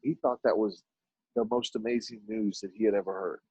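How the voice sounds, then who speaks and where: A man's voice: brisk, husky, dry recording, poor audio. A man from Dallas, a guest on a podcast, telling stories in a conversational way and acting out the lines of the people in them. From Oak Cliff, Dallas, Texas. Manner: animated storyteller who acts out dialogue with sudden jumps in pitch. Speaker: podcast guest, artist and business owner. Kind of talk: storytelling in a conversational interview.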